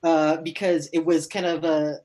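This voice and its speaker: A man chatting casually as a roundtable guest, relaxed and full of "um.". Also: a little high, unhurried. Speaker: roundtable guest, role-player. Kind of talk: casual chat.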